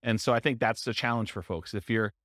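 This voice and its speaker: A man's voice: fairly low pitch, a bit bright, dry recording, studio quality. A man teaching a live class on real estate investing, answering a question conversationally and asking himself rhetorical questions. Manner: fast, conversational, thinks aloud with rhetorical questions.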